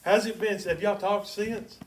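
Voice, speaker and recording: A man preaching in a church, telling a story in a colloquial, excitable way with sudden loud bursts. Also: high voice, a little slow, distant mic. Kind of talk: sermon with storytelling. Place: church sanctuary.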